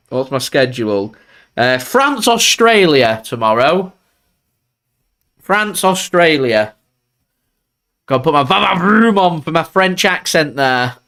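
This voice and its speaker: A man's voice: fairly high pitch, fairly bright tone, clear, resonant tone. A man hosting a live football watchalong stream from home, chatting loosely and reacting to the play as it happens. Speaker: football fan channel host. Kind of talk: live match watchalong commentary.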